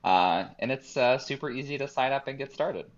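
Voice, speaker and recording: A man guesting on a podcast, explaining his program in a relaxed, chatty way. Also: mid-range voice, moderate pace. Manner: relaxed, chatty, uses "like" and "um" a lot. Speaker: podcast guest, business coach. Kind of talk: casual interview chat. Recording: dull lo-fi remote call.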